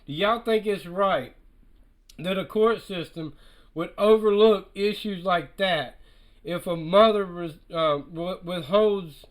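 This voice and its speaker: Man reacting to a clip for viewers, high pitch, emphatic and repetitive. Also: slow pace, poor audio. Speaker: reaction video commentator. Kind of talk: reaction commentary.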